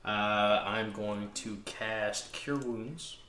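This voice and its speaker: Man, tabletop player, slow deliberate delivery, counts aloud, echoey room, faint noise. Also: fairly low pitch, fairly even intonation, bright, forceful tone. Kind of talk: casual tabletop game play.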